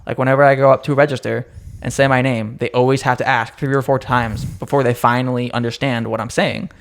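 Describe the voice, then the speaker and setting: A young man telling stories on a casual chat podcast. He rambles and circles back, with plenty of "like" and "um," and his pitch sits in an ordinary middle range. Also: flat delivery, a little fast, vocal fry. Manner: rambling storytelling with frequent fillers. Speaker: podcast co-host.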